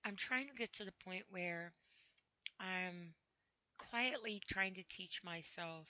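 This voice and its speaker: A woman hosting a podcast, talking slowly and haltingly about her own feelings, with a dry throat that she clears often. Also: lowish voice, bright, forceful tone, dry recording, low-quality recording. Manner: slow, halting, with frequent throat clearing and sighs. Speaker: podcast host. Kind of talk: personal spoken reflection.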